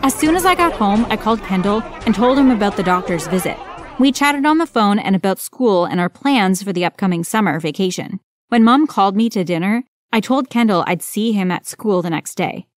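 A woman narrating a first-person story in a plain, steady reading voice. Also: mid-range voice, a little fast, a crowd in the background.

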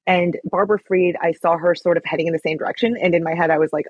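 Fast-talking husky young woman. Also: lowish voice, fairly even intonation, no echo, lo-fi sound. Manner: chatty, lots of fillers and likes. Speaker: guest. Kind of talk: casual storytelling.

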